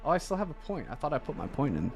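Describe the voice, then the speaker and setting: A man's voice: a little high, sing-song, racing. Male streamer, casual rambling chat over a game, faint music behind. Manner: rambling, many fillers and restarts. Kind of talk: casual chat while gaming.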